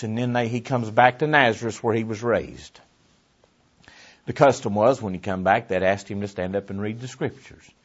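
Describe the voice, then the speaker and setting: A man preaching a sermon to a congregation, swinging between forceful emphasis and hushed near-whispers, repeating his phrases. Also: fairly low pitch, dull audio. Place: church before a congregation.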